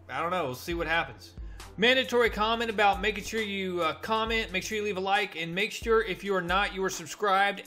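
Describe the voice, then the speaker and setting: A man reviewing comics in a casual vlog, retelling the story with animated delivery and frequent restarts. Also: fairly high pitch.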